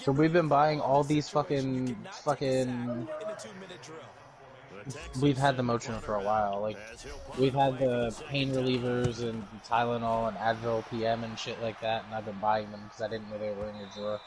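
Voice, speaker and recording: Young male streamer, casual swearing banter, mid-pitched voice, stadium crowd noise underneath. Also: level tone, moderate pace. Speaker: streamer playing a football video game. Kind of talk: casual chat while gaming. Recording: game crowd noise behind.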